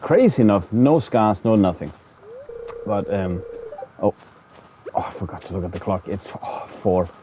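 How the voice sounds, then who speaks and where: A man with a low-pitched voice chats loosely to his stream audience, stumbling over words and circling back mid-sentence. The sound is dull and lo-fi, like a modest home streaming setup. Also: expressive, normal speed, pauses often, noisy background. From from a country that uses military time. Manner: rambling, stammers and repeats words, laughs often. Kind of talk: casual livestream chat to viewers while gaming.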